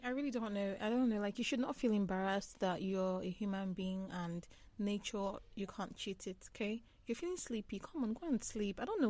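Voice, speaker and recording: A woman's voice: mid-range voice, mellow, dry recording. Chatty woman telling a story, dry sound. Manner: chatty, laughing storyteller with many fillers. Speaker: guest. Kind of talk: casual storytelling chat.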